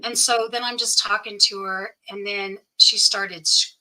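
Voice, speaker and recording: Middle-aged woman telling a story, sharp tone. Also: medium pitch, steady tone, a little slow, rough recording. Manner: recounts events by acting out quoted dialogue. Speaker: guest. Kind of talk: personal story told in an interview.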